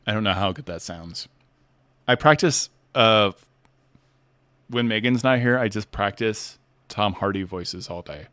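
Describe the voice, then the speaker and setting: A man's voice: fairly low pitch, unhurried, fairly bright tone, dry recording. A man hosting a casual livestream chat who talks playfully and laughs often. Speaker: host.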